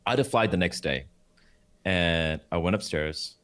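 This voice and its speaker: A man telling a story in casual chat, swearing often and acting out other people's voices. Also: moderate pace. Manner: animated, swears a lot, acts out voices with high shouts. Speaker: co-host of esports talk show.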